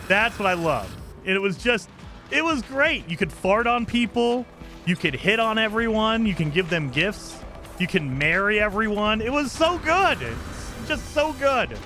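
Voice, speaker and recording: Male game streamer, rambling casual chat, highish pitch, very animated intonation. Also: unhurried, soft background music. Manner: rambling, enthusiastic, thanks viewers for gifts.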